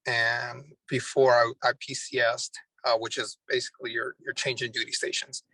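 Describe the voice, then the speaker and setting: A man's voice: medium pitch, flat delivery, normal speed, bright, forceful tone, dry recording, rough recording. A man, a Marine drill instructor, earnestly telling a personal story in an interview, with many restarts.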